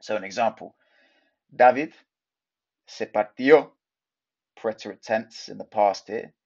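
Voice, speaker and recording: Low gravelly man teaching casually. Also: unhurried, muffled recording. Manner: chatty, explains step by step. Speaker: language teacher. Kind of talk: casual video lesson.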